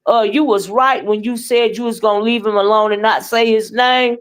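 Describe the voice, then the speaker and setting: A woman's voice: a little high, steady tone, moderate pace, clear, resonant tone. Blunt, profane woman host. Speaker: live stream host. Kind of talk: heated casual commentary.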